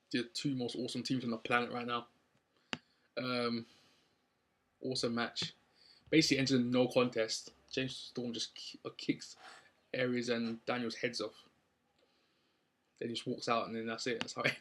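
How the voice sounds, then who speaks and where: A man's voice: medium pitch, a bit bright. A young man from London with a London accent, casually recapping a wrestling show with lots of ums and likes. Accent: London English. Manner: rambling, upbeat, many ums and likes.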